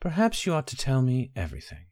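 A man voicing a secretive, devoted young woman lover in a storybook reading, speaking softly and coaxingly. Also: mid-range voice, huge pitch swings, quick pace, no echo, clean studio sound, pitched above the performer's own voice. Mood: tender.

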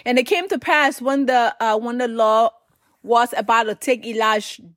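A woman's voice: on the high side, fairly even intonation, normal speed, fairly bright tone, dry recording, studio quality. A woman, preaching a sermon, telling a story with emphatic repetition.

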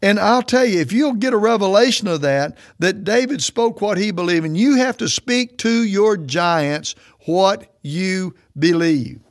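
A man preaching a sermon, emphatic and declaring, often slowing down to stress his words. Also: sits high, lively intonation.

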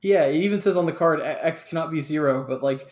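A man's voice: on the high side, fairly quick, darkish tone. A man co-hosting a casual podcast, making dry joking asides. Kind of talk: casual chat. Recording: roomy echo.

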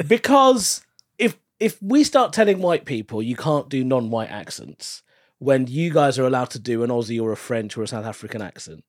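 Man, comedian, podcast guest, storytelling, husky, dry close sound. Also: mid-range voice, moderate pace, no echo. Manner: animated storytelling with frequent laughs. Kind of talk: casual podcast chat.

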